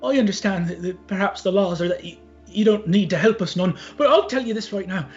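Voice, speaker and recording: A man voicing a fierce, defiant peasant bird-folk mother in a tabletop game, talking low and tight in a rustic way. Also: brisk, highs cut off, faint music behind, close to an everyday voice.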